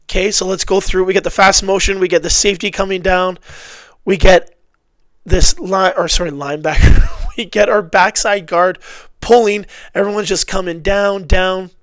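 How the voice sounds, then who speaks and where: A man's voice: high-pitched, moderate pace, no room sound. A man breaking down football game film in casual commentary, blunt and often exasperated, correcting himself as he goes. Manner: blunt, animated, exasperated outbursts with self-corrections.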